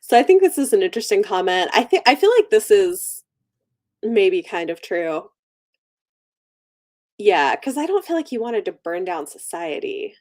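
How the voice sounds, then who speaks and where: A woman co-hosting a casual live book discussion, with quick expressive asides. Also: mid-range voice.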